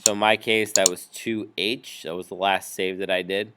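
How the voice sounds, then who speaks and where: A man teaching a music software tutorial, explaining each step patiently with frequent ums. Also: deep voice, little pitch movement, normal speed, noisy background. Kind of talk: screen-recorded software tutorial.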